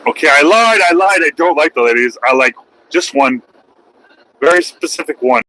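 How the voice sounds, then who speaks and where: Opinionated trucker, bright voice. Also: male voice, fairly high pitch, animated, normal speed, soft background music, rough recording. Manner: opinionated, rambling, wry asides. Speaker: truck driver vlogger. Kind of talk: casual rambling monologue. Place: inside a truck cab.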